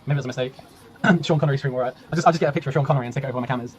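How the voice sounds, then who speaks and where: Fast-talking man casting a stream. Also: medium pitch, highs cut off, soft background music. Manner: chatty, laughing, rambling, swears, reads chat aloud. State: voice tiring, clearing throat often. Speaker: game caster and streamer. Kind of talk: casual live-stream commentary.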